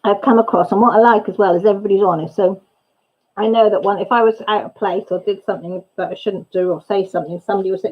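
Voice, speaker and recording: A woman's voice: mid-range voice, fairly even intonation, fast, breathy edge, muffled recording. A woman hosting a casual crafting livestream from home, rambling and chatty, often breaking off mid-thought. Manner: chatty, rambling, self-interrupting. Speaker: crafting channel host.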